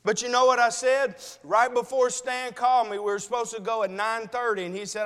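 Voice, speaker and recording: A male preacher with a high voice shares a personal story in an emotional, conversational sermon. He keeps addressing the congregation as brethren. His words echo with a long reverb, as if he is in a large sanctuary. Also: steady tone, brisk, hardly any pauses, a bit bright, smooth.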